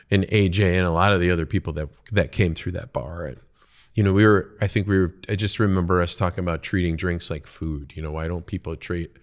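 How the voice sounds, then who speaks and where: Deep-voiced man, rambling podcast host. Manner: rambling, trails off and restarts. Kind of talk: casual conversation.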